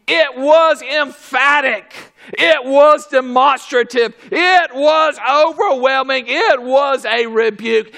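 A man preaches a sermon in a very high, gravelly voice, taking his time over each phrase. He drops into quiet asides and then bursts into shouted exclamations, calling out praises along the way. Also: fairly even intonation, slow pace. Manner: calls out "glory, hallelujah".

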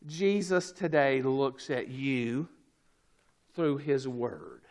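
A man preaching a sermon, swinging between loud emphatic shouts and quiet, low asides, with a drawn-out, deliberate delivery. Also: big pitch swings.

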